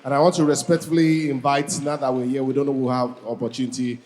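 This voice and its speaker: A man's voice: medium pitch, level tone, darkish tone. Man emceeing in an echoey hall. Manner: hurried, restarts phrases, rallies applause. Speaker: event emcee. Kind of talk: live event hosting. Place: large event hall. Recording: reverberant hall, long echo.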